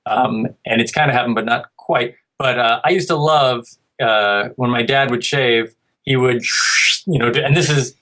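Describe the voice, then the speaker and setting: A man's voice: medium pitch, moderate pace, fairly bright tone, low-quality recording. A man in his thirties, a podcast guest, talking in a rambling, self-interrupting way and now and then mimicking a child's speech. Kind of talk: casual podcast chat.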